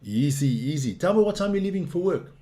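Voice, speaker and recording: A man giving casual live rugby commentary, excitable and blunt, swearing at the referees. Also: a little high, brisk. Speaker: watch-along rugby commentator.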